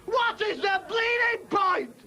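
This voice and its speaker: A male comedian doing an exasperated stand-up rant before a studio audience, shouting in bursts of outrage. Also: lively intonation. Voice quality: exasperated shouting, high strained voice. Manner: ranting, slow and emphatic, bursts of outrage. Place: television studio with live audience.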